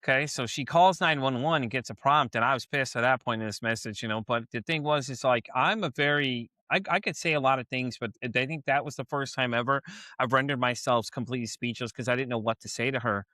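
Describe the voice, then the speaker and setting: Texan guy hosting a podcast, talks fast, bright voice, swears a lot, dry close mic. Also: medium pitch, no echo. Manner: animated storyteller, swears, acts out his own reactions. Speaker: podcast host. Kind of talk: casual interview chat.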